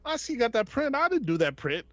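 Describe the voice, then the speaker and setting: A man putting on the voice of a fast-talking, pushy male toy artist with a high, nasal wise-guy patter. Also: very animated, fairly bright tone, dry recording, dull audio, full character voice. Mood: pushy, chummy.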